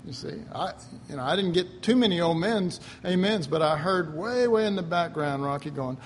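A man's voice: on the high side, animated, moderate pace, a little hiss or hum. A male pastor preaching a sermon in a folksy, conversational way, telling stories and acting out voices. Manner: acts out quoted voices.

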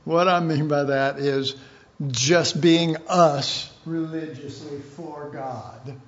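Slow, folksy preacher man. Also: a little high, steady tone, dull audio. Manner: rambling, folksy, chuckles often. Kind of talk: informal sermon.

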